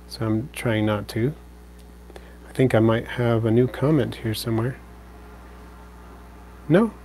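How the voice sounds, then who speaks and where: A man hosting a live stream, casually answering viewer comments in a relaxed, rambling way. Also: medium pitch, a little hiss or hum. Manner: relaxed, rambling, with fillers and self-corrections.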